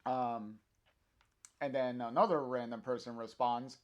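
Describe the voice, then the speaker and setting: Slow, hesitant man reading a comic. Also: mid-range voice, smooth, highs cut off. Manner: hesitant, many fillers. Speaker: comic reader, streamer.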